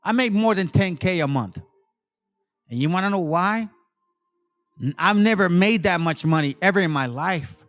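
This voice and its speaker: Soft music plays in the background as a channel host and insurance seller rants angrily, swearing, sarcastic, and going over the same points again and again. His high voice is animated and fairly bright, moving at normal speed with frequent pauses.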